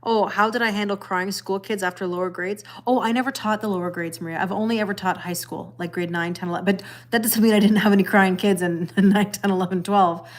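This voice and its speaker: A woman's voice: medium pitch, fairly even intonation, brisk, hardly any pauses. A middle-aged woman hosting a casual livestream, chatting to viewers and reading their comments aloud, laughing often and repeating her phrases. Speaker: tarot reader livestream host.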